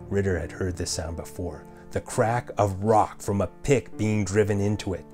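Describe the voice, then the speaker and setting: A low-voiced man narrating a scripted spooky tale, measured and deliberate. Faint music plays quietly under his reading. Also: steady tone. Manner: measured storytelling with character voices. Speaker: storyteller.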